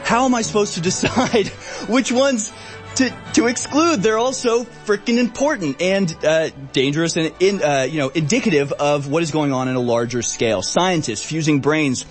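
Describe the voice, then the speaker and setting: A man's voice: a little high, normal speed, soft background music. A man hosting a talk show, running through news stories in an exasperated, sarcastic rant full of fillers and short laughs. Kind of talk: ranting news commentary.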